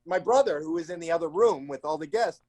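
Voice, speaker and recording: A comedian guest in an interview, telling stories in an animated way and acting out the people in them with sudden shrill cries. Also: male voice, quick pace, dry recording. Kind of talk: animated storytelling in a casual interview. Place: home.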